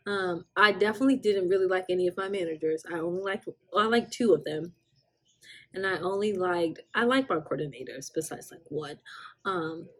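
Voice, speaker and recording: A husky-voiced young woman tells a casual storytime vlog. Her pitch rises and falls a lot as she acts out what people said, and she laughs often between lines. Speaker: vlogger.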